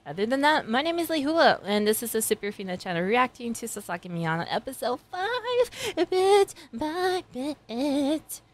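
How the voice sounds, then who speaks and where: A woman's voice: a little high, lively intonation, fast talker, hardly any pauses. A young woman reacting to an anime episode, gushing, squealing and laughing, then chatting casually to her viewers. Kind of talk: excited reaction commentary.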